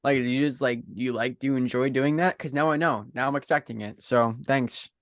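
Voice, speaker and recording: A man's voice: mid-range voice, fairly even intonation, dry recording. A man from the United States co-hosting a casual podcast chat, often restarting his sentences and teasing dryly. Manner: halting restarts, dry teasing. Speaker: podcast co-host.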